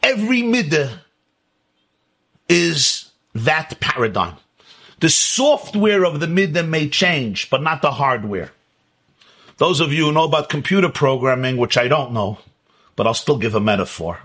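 A man teaches in a high, slightly husky voice that swoops up and down with animation. He lectures emphatically, firing off rhetorical questions and repeating his key words. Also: big pitch swings, a little slow, a bit bright. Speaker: Torah teacher. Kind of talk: Hasidic lecture.

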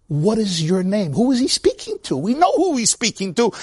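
A man's voice: sits high, big pitch swings, moderate pace, hardly any pauses, breathy edge, no room sound, clean studio sound. A man giving a sermon as a religious teacher. He speaks with passion and emphasis, repeats phrases for effect, and sprinkles in Yiddish words. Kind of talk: weekly sermon to a congregation.

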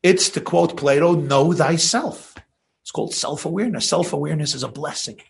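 Gravelly man preaching with rising emphasis. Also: on the high side, quick pace. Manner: rises to emphatic peaks, then drops to soft asides. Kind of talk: sermon.

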